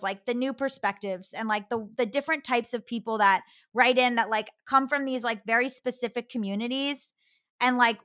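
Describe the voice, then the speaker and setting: A woman's voice: a little high, pushed and bright. An American woman in her thirties hosting a podcast in casual chat, talking with lots of fillers. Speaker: podcast host.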